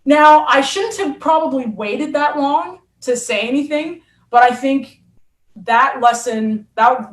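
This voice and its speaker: A woman, a former hurdler and coach, telling a story in an animated conversational way and acting out what people said. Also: on the high side, reverberant. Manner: animated, acts out quotes.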